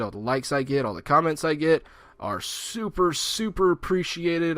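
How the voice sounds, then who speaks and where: A man's voice: mid-range voice, a bit bright, no room sound. Rambling, self-mocking young man. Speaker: gaming channel host. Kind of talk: rambling gameplay commentary.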